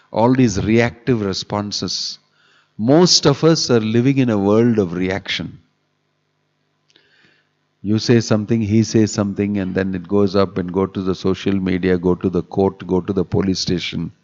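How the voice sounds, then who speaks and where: A man's voice: on the low side, measured pace, pauses often, darkish tone. A man, a monk, giving a sermon on scripture, reciting Sanskrit verses and repeating key phrases with rhetorical questions. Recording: dull lo-fi live webcast audio.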